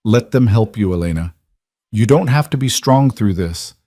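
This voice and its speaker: A man voicing an injured, stubborn and devoted young husband, speaking low, steady and firm. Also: moderate pace, no room sound, clean studio sound.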